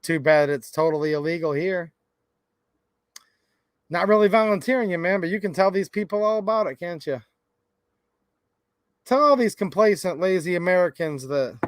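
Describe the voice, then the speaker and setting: A man's voice: high-pitched, dry recording. A man hosting a casual livestream, greeting viewers by name in a chatty, upbeat way and calling them man and dude. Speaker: livestream host.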